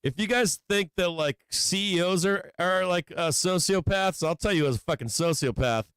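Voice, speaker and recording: A man's voice: sits high, moderate pace, fairly bright tone, smooth, dry recording, studio quality. A man hosting a stock market livestream, chatting casually, a little tipsy, swearing a lot and laughing often. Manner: profane, rambling, laughing often. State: tipsy from drinking. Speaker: livestream market show host.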